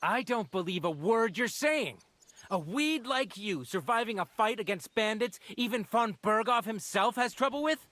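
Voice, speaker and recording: An actor playing a brash, mocking young villager in a game, sneering and sarcastic. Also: male voice, high-pitched, lively intonation, moderate pace, sharp tone, dry recording. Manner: taunting, sarcastic.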